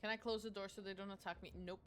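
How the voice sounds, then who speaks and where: A woman's voice: mid-range voice, fairly even intonation, very fast, fairly bright tone, a little hiss or hum. A woman streaming a video game, chatting casually and talking back to the characters on screen in a self-mocking way. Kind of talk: casual gameplay commentary.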